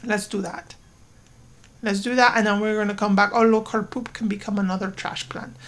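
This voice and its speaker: A woman giving casual let's-play commentary, excitable and talking to her game characters, with sudden loud outbursts. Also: mid-range voice, normal speed. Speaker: gaming YouTuber.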